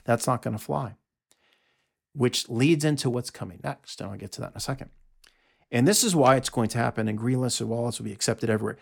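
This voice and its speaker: A man hosting a solo audio monologue from his notes, talking in an emphatic, sarcastic way with quick asides. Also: mid-range voice, gravelly. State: out of breath. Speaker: podcast host.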